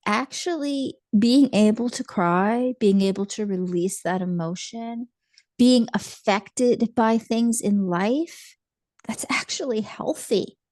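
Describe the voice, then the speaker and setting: A woman's voice: on the high side, slow, a little mellow, dry recording. Earnest woman therapist, dry sound. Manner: earnest, reassuring, explanatory. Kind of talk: casual chat.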